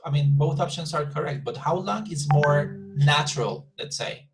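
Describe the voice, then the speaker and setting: A man's voice: on the high side, normal speed, loud music behind the voice, poor audio. Patient man teaching English online. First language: Spanish. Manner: patient, repeats and rephrases, checks understanding. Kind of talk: online class instruction.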